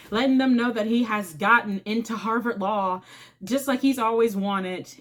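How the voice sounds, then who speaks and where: Chatty woman recapping a movie. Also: mid-range voice. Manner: chatty, informal, retells scenes by acting out lines. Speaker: movie reviewer and channel host.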